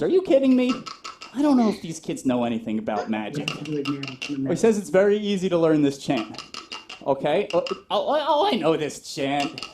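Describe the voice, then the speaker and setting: A man hosting an interactive children's show, playful and animated, talking straight to the kids. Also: a little high, background noise. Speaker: children's entertainer. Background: drum music.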